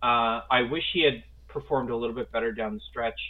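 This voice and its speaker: A man with a medium-pitched voice speaks fairly quickly, co-hosting a casual sports podcast. He's enthusiastic and rambling and swears casually. The audio sounds narrow, like it came through a phone.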